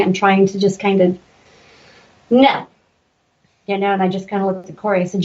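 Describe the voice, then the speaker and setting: A woman's voice: mid-range voice, normal speed, pauses often. A woman from Oregon telling a story in casual podcast chat, acting out what people said to her. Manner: animated storyteller who acts out quoted dialogue. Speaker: podcast host and medium. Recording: distant, dull lo-fi podcast audio.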